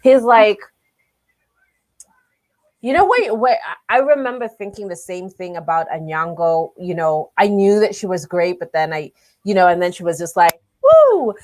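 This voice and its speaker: A woman hosts her podcast from a video call, gushing and warm in her praise. Her sentences tumble out with frequent restarts and bursts of enthusiasm. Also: on the low side, normal speed. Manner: effusive, gushing, restarts a lot. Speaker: podcast host. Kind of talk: casual chat.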